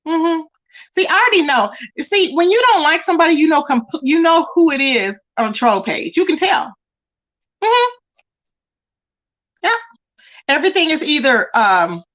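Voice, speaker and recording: Woman on a live stream chattin with viewers, fairly high voice, calls everyone baby. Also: fairly bright tone. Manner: chatty, greets viewers with terms like baby and child. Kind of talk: casual live-stream chat reading comments.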